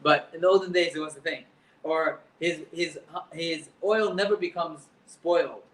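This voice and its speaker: A rabbi with a high voice leads a class, translating old Hebrew lines and circling back on his words as he explains them. He is heard from a distance in a room that echoes. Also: normal speed, a bit bright, slight background noise. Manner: explains Hebrew text line by line, repeats words.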